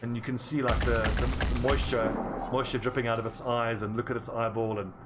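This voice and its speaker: Heavy background noise surrounds this South African-accented man as he rambles chattily over his gameplay, quick to laugh. He's a gaming streamer with a mid-range voice, speaking briskly in a flat delivery.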